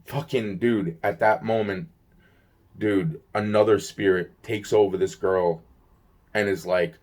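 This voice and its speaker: Young guy rambling thru a story, low-ish voice, lots of cursing and stopping and starting. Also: fairly even intonation, unhurried, darkish tone. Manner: agitated, profane, many restarts and fillers.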